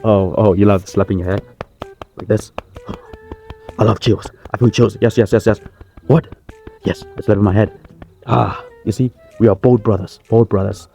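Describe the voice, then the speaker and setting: A man's voice: lowish voice, fairly even intonation, normal speed, vocal fry, long pauses, warm tone, faint music behind. Man doing a cocky rambling wrestling star. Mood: boastful. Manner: cocky, rambling, self-praising. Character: boastful male wrestling-star impression holding a press conference. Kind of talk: comedy sketch.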